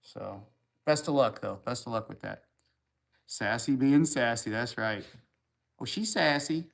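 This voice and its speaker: A man hosts a livestream at a measured pace, his mid-range voice carrying some vocal fry. He reads viewers' comments out loud and replies with crude, meandering jokes in relaxed chat.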